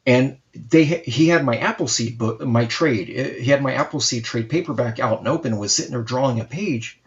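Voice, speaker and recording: A man in his forties with a gravelly, creaky voice chats casually on his live art stream. He tells his stories animatedly and swears freely. The audio sounds a little dull and lo-fi. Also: mid-range voice, a little fast. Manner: profane, animated storyteller. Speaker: comic artist and stream host.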